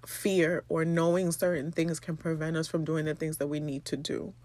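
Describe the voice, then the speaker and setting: A young woman, from the Bronx, hosting a personal podcast monologue, tearful and halting, with many pauses and ums. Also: low-pitched, level tone, a little mellow, no room sound. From the Bronx, New York. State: tearful, crying. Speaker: podcast host.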